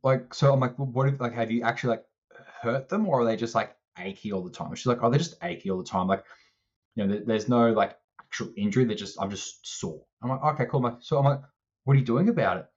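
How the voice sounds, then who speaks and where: A man co-hosting a casual podcast, telling an animated story and acting out both sides of the conversation, swearing now and then. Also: mid-range voice, fast, muffled recording. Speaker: strength coach co-host.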